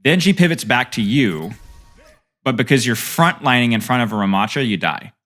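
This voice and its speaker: A man's voice: medium pitch, lively intonation, normal speed, fairly bright tone, faint music behind. A young man coaching a player through game footage, trading playful banter with his stream chat between tips.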